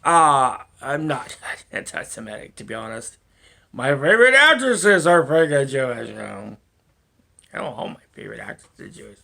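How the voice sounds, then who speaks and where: A man talks alone to camera, drifting from point to point with frequent cursing and little laughs. His delivery is unhurried and drawn out, with a bright tone and a pitch that swings widely. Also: creaky. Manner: rambling, profane, chuckling to himself. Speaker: vlogger. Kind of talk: rambling solo monologue.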